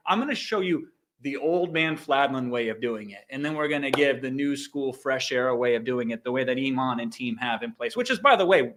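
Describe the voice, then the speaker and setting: A middle-aged man teaches a live business training with lots of energy. His voice sits fairly high for a man, and he leans hard on words for emphasis, sometimes mimicking sound effects as he speaks. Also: sharp tone.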